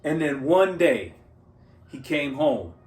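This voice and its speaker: A man giving a motivational monologue, telling stories in an animated way and often checking in with "right?". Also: on the high side, takes it slowly, reverberant, distant mic, faint music behind. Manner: animated storytelling with frequent "right?" tags. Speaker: motivational speaker.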